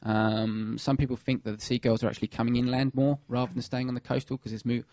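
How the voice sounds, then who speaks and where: A man's voice: medium pitch, little pitch movement, fast, a little mellow, dry recording, lo-fi sound. A man who works as a bird of prey pest controller, talking casually and hesitantly with many fillers and restarts. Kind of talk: casual radio chat.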